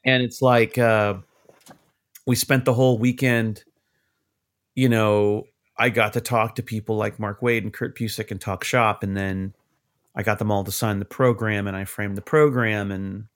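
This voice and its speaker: A middle-aged man co-hosting a casual podcast, telling lively anecdotes and acting out the people in them, with the odd swear. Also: lowish voice, normal speed. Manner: animated anecdotes, acts out quoted voices, swears. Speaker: podcast co-host, cartoonist. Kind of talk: casual storytelling chat.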